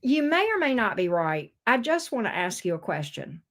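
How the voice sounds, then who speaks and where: A woman's voice: medium pitch, big pitch swings, normal speed, a bit bright. A middle-aged woman giving a casual tarot reading, teasing and talking straight to the viewer in a sassy way. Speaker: tarot reader.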